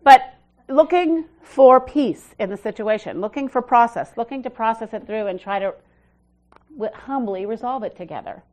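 A woman's voice: animated, normal speed. Woman preaching a conversational sermon. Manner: conversational, with frequent asides and restarts; swings from emphatic to soft and low. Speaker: pastor.

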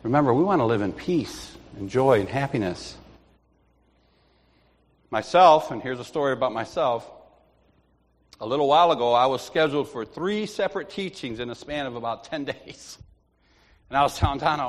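A man's voice: mid-range voice, animated, moderate pace, pauses often. Laughing man preaching in a reverberant church. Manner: storytelling, laughs often, acts out others. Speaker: lay preacher. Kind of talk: informal sermon with anecdotes. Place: church sanctuary. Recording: long hall reverb.

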